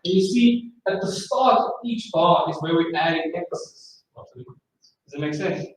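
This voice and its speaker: A man with a high voice leads a live drumming class, encouraging the players and chanting rhythms aloud. He is picked up from a distance in a very echoey room. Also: lively intonation, normal speed. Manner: encouraging, sings out rhythms with vocables. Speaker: drumming instructor. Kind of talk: live masterclass teaching. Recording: far-off mic, very echoey room, faint noise.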